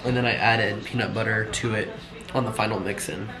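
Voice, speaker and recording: A man in a casual home vlog, relaxed and easygoing. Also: lowish voice, brisk, heavy background noise. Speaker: vlogger, father.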